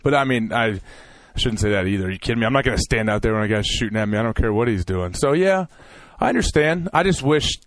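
A man's voice: medium pitch, animated, fast, no echo. A man in casual chat, wry and self-deprecating, laughing easily.

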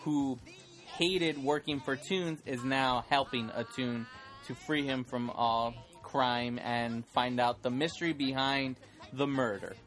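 A man's voice: medium pitch, fairly even intonation, takes it slowly, fairly bright tone. A man co-hosting a movie podcast, teasing his co-host and rambling with many fillers. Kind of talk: casual movie podcast chat.

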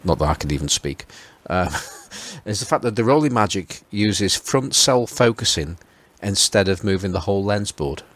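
A man's voice: lowish voice, expressive, moderate pace, hardly any pauses, a bit bright. A man hosting a casual group chat, talking hesitantly with many fillers and restarts. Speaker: podcast host.

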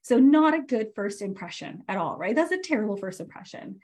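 A woman's voice: mid-range voice, brisk, breathy edge. Chatty woman coach giving a training. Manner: chatty and animated, many fillers and self-corrections, laughs often. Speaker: podcast host and career coach. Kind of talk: casual live training talk.

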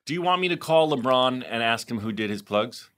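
A man co-hosting a podcast, chatting casually and retelling scenes with lively playacting. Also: medium pitch, a little fast, smooth. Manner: storytelling, acts out scenes, restarts when moved. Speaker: podcast co-host. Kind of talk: casual chat.

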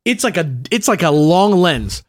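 A man's voice: sits high, animated, normal speed. A man co-hosting a podcast in casual chat, rambling and repeating himself with lots of fillers.

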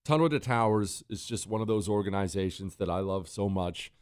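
A man's voice: fairly low pitch, a little fast, dry recording, studio quality. Indignant male talk radio host. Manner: forceful, indignant, sarcastic. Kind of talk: opinionated radio monologue.

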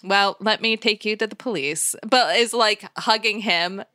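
Woman podcast host chatting, laughs a lot, clear crisp voice, dry close sound. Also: medium pitch, unhurried, dry recording. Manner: chatty, laughs often, animated asides. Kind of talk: casual chat.

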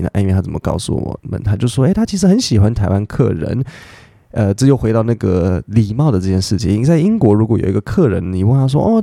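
Fast-talking man, gravelly. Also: fairly low pitch, warm tone, no echo, clean studio sound. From Taiwan. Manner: brisk, explanatory, acts out quotes. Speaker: podcast host and English teacher. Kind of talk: explaining phrases, interviewing.

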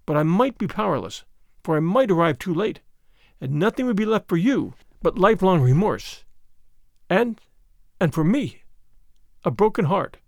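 A man's voice: high voice, very animated, normal speed, creaky, long pauses, no echo, studio quality, heavily acted. A man voicing a desperate noble lady who pleads earnestly for help. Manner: pleading, urgent.

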